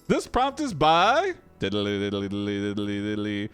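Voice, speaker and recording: Animated, joking male streamer. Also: fairly low pitch, a little slow, smooth, faint music behind. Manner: joking, reactive, laughs often. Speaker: host and game player. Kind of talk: live-streamed game commentary.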